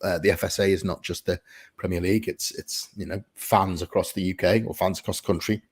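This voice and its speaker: A man's voice: low-pitched, fairly even intonation, a little fast, breathy edge. A man speaking as a fan trust representative, earnestly explaining on a podcast with frequent fillers. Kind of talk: podcast guest Q&A.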